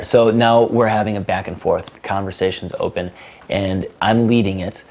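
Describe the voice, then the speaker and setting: A man's voice: lowish voice, brisk, a little mellow. A young adult man coaching in a conversational, emphatic way, with frequent casual fillers. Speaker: dating coach. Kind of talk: instructional talk.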